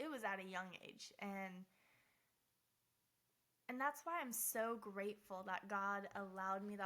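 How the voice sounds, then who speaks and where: A woman's voice: mid-range voice, sharp tone. A woman in her twenties giving a heartfelt personal motivational talk, earnest and repeating phrases for emphasis. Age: 20s. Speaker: motivational speaker.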